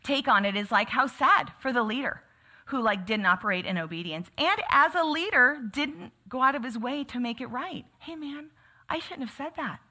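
Bright-voiced woman giving casual church teaching. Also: fairly high pitch, expressive, moderate pace. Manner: conversational, with frequent "like" and "right?". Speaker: church teacher leading a book study. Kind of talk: casual sermon-style Bible teaching.

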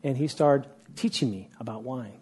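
A man in his sixties giving a personal storytelling speech to a group, animated and conversational, with frequent restarts. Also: medium pitch, moderate pace, breathy edge. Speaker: speaker addressing a group.

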